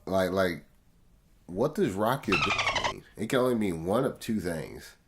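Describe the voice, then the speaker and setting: A man's voice: low-pitched, big pitch swings, a little slow, very noisy. A man casually reviewing an album track by track, talking in slangy, laid-back fashion straight to his viewers. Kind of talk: casual music review commentary. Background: faint music.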